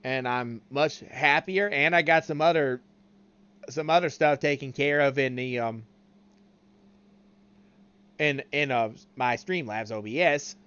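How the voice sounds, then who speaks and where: A male streamer chatting casually and haltingly while he sets up his stream. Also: medium pitch, a bit bright, smooth, highs cut off. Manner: halting, full of fillers while setting up. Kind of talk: casual live-stream chat.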